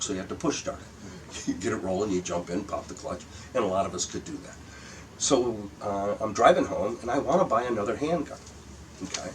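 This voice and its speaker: Older man telling rambling, profane stories. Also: fairly low pitch. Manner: profane, rambling anecdotes with frequent restarts. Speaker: guest comedian. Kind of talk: casual interview storytelling. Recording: distant mic with faint background hiss.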